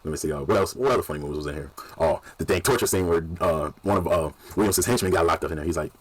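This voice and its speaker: A man's voice: low voice, fast, few pauses, no echo. A man casually reacting to a movie, animatedly retelling scenes and laughing often.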